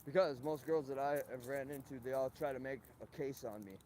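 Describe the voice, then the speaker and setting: A man's voice: mid-range voice, steady tone, fairly quick, a little mellow, slight background noise. A man hosting a livestream outdoors at a golf course, rambling and ranting with plenty of profanity. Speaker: livestream host. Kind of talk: rambling live-stream monologue.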